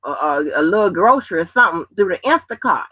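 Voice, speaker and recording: A woman's voice: on the low side, expressive, quick pace, breathy edge, dry recording, lo-fi sound. A woman hosting a live stream in loose, profane casual chat, laughing and trailing off between points. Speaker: livestream host.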